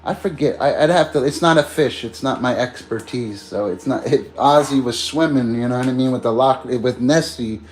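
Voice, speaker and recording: A man's voice: medium pitch, normal speed, few pauses. Rambling casual man chatting to viewers. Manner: loose and meandering, peppers talk with "man" and "bro"; chats directly to viewers, greeting them. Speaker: streamer.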